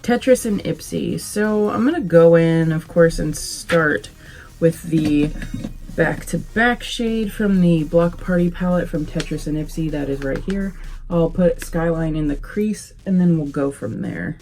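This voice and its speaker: A young woman with a low, mellow voice talks through a makeup tutorial in a relaxed, rambling way, full of fillers. She speaks slowly, and soft music plays behind her. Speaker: beauty vlogger. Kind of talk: casual makeup tutorial chat.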